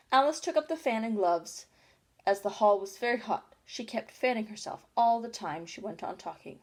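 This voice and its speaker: A woman narrating a storybook in a plain, unhurried reading with small slips. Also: fairly high pitch, lively intonation. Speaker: audiobook reader.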